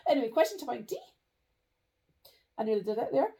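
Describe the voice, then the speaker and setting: Woman quizmaster, playful and quick, high voice with a warm tone. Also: sing-song, recorded from a distance. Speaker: quizmaster guest. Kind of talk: casual chat.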